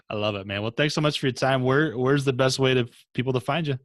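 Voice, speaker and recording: A man's voice: medium pitch, brisk, dry recording, clean studio sound. A man hosting a podcast, thanking his guest and giving a friendly sign-off. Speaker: podcast host. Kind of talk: podcast interview and outro.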